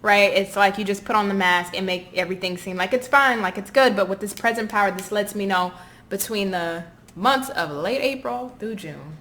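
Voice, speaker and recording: Southern lady doing a chatty tarot reading, talks right to you, warm and encouraging. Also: medium pitch, normal speed, a little hiss or hum. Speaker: tarot reader.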